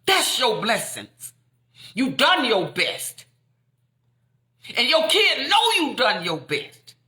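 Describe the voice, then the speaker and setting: Fervent, lively, high-voiced woman preaching. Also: slow pace, roomy sound. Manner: fervent, repetitive, builds to shouts. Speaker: inspirational speaker. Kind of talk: impassioned preaching.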